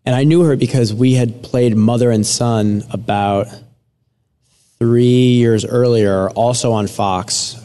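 A man, an actor guest on a radio show, telling stories in a relaxed, easygoing way. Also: mid-range voice, slow pace. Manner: relaxed storyteller with fillers and soft laughs. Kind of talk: casual interview chat.

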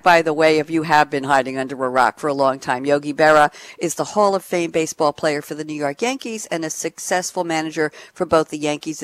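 A man's voice: on the high side, fairly bright tone, no echo. A man moderating a panel discussion, chatty and prone to asides while introducing guests. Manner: chatty, jumps between asides.

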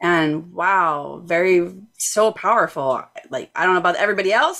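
A woman's voice: lowish voice, moderate pace, few pauses, a bit bright. A woman guest on a talk show, speaking in a heartfelt, effusive way about her faith. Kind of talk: emotional testimony.

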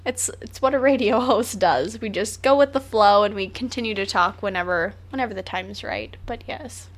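A woman's voice: mid-range voice, normal speed. A teenage girl hosting a radio show, chatting casually with lots of fillers and giggles.

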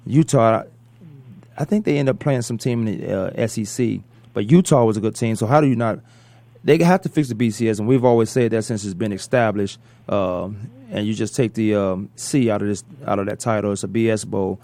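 A man hosting a sports talk radio show, rambling through animated opinions and correcting himself as he goes. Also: lowish voice, a little fast, no room sound.

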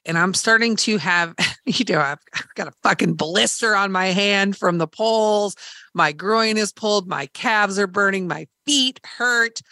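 A woman's voice: mid-range voice, measured pace, pushed and bright, no echo, studio quality. A woman hosting a podcast, candidly retelling a hard experience in casual chat, swearing freely and acting out quoted dialogue. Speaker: podcast host.

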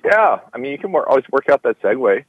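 A man's voice: mid-range voice, fast, no room sound. A man being interviewed as a guest speaker, chatting casually and acting out quoted dialogue as he tells stories. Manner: animated storyteller, acts out quoted dialogue. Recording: dull lo-fi dry sound.

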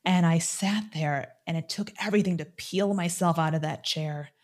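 A woman's voice: fairly low pitch, normal speed. A middle-aged woman, a former TV news host, telling a personal story with animation and acting out the dialogue. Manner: animated, acts out quoted dialogue.

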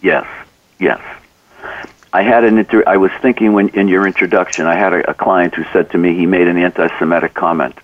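A fairly low-pitched man talks earnestly in a radio interview, often replaying past conversations as he goes. The sound is dry and slightly muffled, and he sits a little back from the mic. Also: steady tone, a little fast, no echo, distant mic. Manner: earnest, acts out dialogue in anecdotes. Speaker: author and coach, interview guest.

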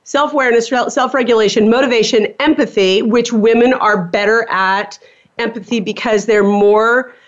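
Animated laughing woman podcast host. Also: a little high, normal speed. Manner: animated, laughs often, explains with quoted inner voices. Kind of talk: casual conversational podcast. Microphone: studio microphone on a table. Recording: dull lo-fi podcast audio.

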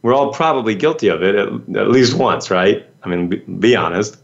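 A man telling a personal story to an audience in a casual, animated way, jumping into the voices of the people he quotes. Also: on the low side, a little fast, gravelly, highs cut off. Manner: animated, acts out quoted voices, many fillers.

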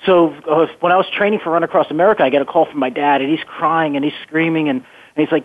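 A man's voice: on the high side, steady tone, fast. A man telling his life story as an interview guest, earnest and often repeating words as he thinks. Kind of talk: phone-in radio interview. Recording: tinny phone line.

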